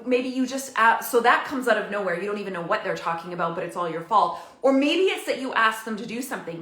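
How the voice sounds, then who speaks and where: In an echoey room, a woman in her thirties gives parents casual advice straight to camera. Her bright, slightly high voice is loose and animated, sprinkled with fillers and little laughs.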